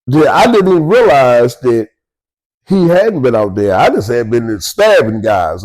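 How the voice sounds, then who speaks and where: A man's voice: mid-range voice, sing-song, measured pace, darkish tone, rough recording. An older man with a Baltimore accent telling prison stories in a casual, streetwise, profane way, with chuckles between beats. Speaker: storyteller recounting prison life. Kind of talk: casual storytelling to camera.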